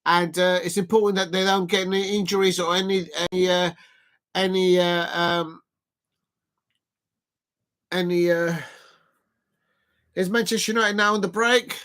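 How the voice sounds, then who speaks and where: Male watch-along host, bright and forward, chatty, erupts into shouts on big plays. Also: high voice, unhurried, long pauses, smooth. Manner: chatty and excitable, breaks into shouting at big moments; exercising between remarks, counting out reps. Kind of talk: casual live football watch-along commentary.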